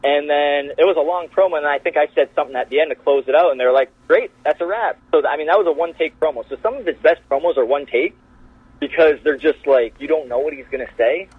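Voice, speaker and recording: A man's voice: a little high, quick pace, slightly rough, no room sound. A man, a wrestler guest, telling backstage stories in casual chat and acting out the quotes. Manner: animated, acts out quotes in changed voices. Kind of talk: casual storytelling. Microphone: phone call. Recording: tinny phone line.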